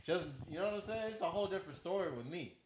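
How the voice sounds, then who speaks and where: Lively young man telling stories. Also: high voice, rapid-fire, slight background noise. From Texas. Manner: animated storytelling, acting out quotes. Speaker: podcast guest. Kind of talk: casual chat.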